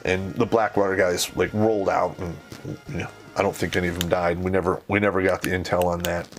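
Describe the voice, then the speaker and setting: A man's voice: low voice, level tone, brisk, faint music behind. A man telling a war story in casual, profane speech, acting out the voices of the people he quotes.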